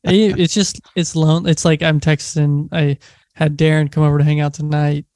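A man's voice: a little high, little pitch movement, normal speed, a little mellow, no echo, clean studio sound. A man co-hosting a podcast, chatting casually with a sarcastic edge. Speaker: podcast co-host. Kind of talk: casual chat.

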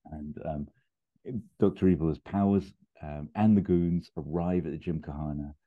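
Low-voiced guy rambling through a silly plot pitch, sounds like a tinny call. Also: steady tone, moderate pace. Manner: rambling storytelling with brief put-on voices and chuckles. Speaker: podcast host pitching a film plot. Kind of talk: casual comedic pitch. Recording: tinny phone-like line.

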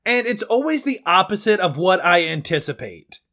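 A man's voice: high-pitched, very animated, normal speed, bright, forceful tone. A man hosting a comedy podcast, leading bits in casual, upbeat banter. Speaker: podcast host.

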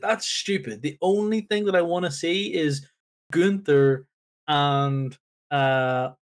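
A man co-hosting a wrestling podcast, ranting in an exasperated, emphatic way in casual chat. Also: medium pitch. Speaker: podcast co-host.

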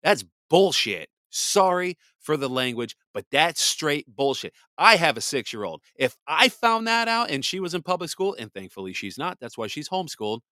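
A man's voice: a little high, sing-song, moderate pace, hardly any pauses, sharp tone, no echo. A man hosting a podcast, ranting in blunt, profane, heated commentary. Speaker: podcast host. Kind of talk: angry commentary.

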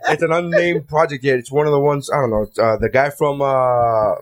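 A man hosting a podcast in casual chat, telling stories in a profane, animated way. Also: medium pitch, moderate pace. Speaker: podcast host.

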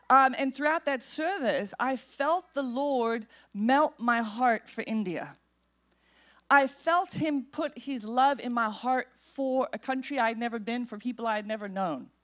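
A woman pastor with a slightly high voice, preaching from a church stage. She tells a personal story with humor and lively energy, speaking into a stage microphone. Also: a little slow. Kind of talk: storytelling sermon. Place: church sanctuary.

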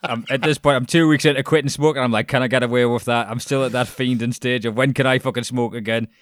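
A man's voice: medium pitch, fairly even intonation, fast, no echo. Man chatting casually, dry close sound. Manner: joking, swears casually, acts out quotes. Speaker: podcast co-host. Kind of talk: casual chat.

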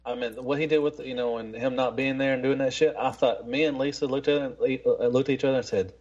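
A man's voice: medium pitch, steady tone, fast talker, a little mellow, highs cut off. A man hosting a podcast in casual, rambling chat, swearing freely. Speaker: podcast host.

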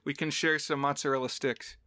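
A man co-hosting a podcast, chatting casually about films, playful and quick to mimic accents in short bits. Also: a little high, level tone, bright, forceful tone, no echo, clean studio sound. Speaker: podcast co-host. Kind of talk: casual chat.

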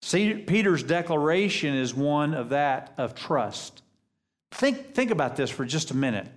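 A man reading scripture aloud and then explaining it as a sermon, at a measured pace, shifting his voice for the quoted lines. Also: a little high, sing-song. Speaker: preacher.

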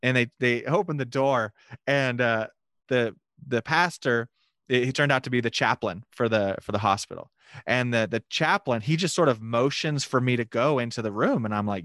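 A man telling a lively mission story in a casual, animated way, laughing now and then. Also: mid-range voice, moderate pace, no room sound, clean studio sound.

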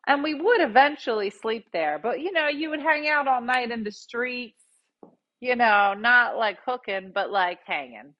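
A woman host casually telling a funny story, jumping into loud quoted voices. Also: on the high side, animated, measured pace, lo-fi sound. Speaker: podcast host.

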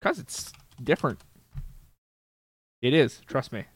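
A man's voice: mid-range voice, big pitch swings, slow pace, husky. A man co-hosting a casual chat, teasing and playful, laughing often. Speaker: podcast co-host.

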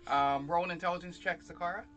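A game master narrating a tabletop game, improvising in a halting way with many ums and uhs. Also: medium pitch, fairly even intonation, highs cut off, music in the background.

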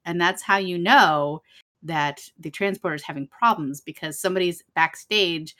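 A woman's voice: fairly low pitch, moderate pace, bright, forceful tone. A young woman co-hosting a casual podcast, wryly describing costumes with sarcastic asides and frequent laughs. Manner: wry, sarcastic, laughs often. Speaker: podcast co-host. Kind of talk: casual chat recapping an episode.

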